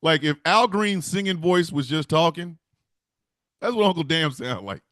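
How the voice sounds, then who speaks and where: A man's voice: a little high, lively intonation, normal speed, a bit bright, no echo, studio quality. A man hosting a casual stream, talking emphatically, swearing and laughing often. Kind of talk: casual livestream chat.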